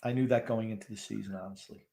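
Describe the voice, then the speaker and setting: An older man with a New York accent co-hosting a live hockey podcast, giving blunt, gruff opinions about the team. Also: on the low side, steady tone, fast talker, dark tone. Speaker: podcast co-host. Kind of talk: live game watchalong chat.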